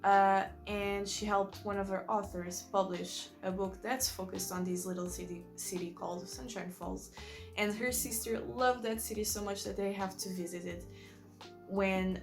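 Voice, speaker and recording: A woman vlogger chats about books in a loose, enthusiastic way, doubling back to fix her own words. English is not her first language. Her voice has a gravelly, creaky fry, and faint music plays underneath. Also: medium pitch, level tone, unhurried. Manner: rambling, self-correcting, enthusiastic. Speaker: book vlogger. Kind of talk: casual book review chat.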